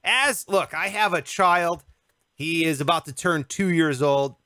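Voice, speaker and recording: A man's voice: a little high, measured pace, sharp tone, dry recording. A man in his thirties co-hosting a podcast, telling a comic anecdote in casual chat and acting out the voices of the people in it. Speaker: podcast co-host.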